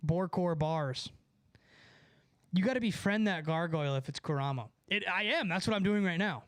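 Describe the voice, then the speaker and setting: A young man with a notably high voice chatting on a livestream, rambling and swearing with excitable energy. The sound is close and dry, with no room around it. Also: fast, no room sound. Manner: rambling, profane, excitable, lots of filler. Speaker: musician streaming to chat. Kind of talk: casual livestream chat.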